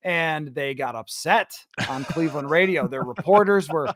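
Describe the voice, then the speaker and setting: Animated sarcastic male podcast host. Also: on the high side, normal speed, slight background noise. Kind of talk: casual sports chat.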